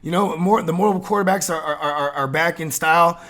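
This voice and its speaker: A man hosting a casual sports podcast, talking in an animated way with lots of fillers, swearing and laughing often. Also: a little high, a little fast. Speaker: podcast host.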